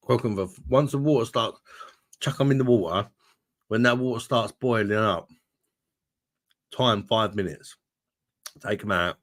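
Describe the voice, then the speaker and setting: A man's voice: lowish voice, fairly bright tone, dry recording, studio quality. A man casually chatting on a livestream, swearing freely and calling his viewers mate. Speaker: livestream host reading chat. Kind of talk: casual live chat.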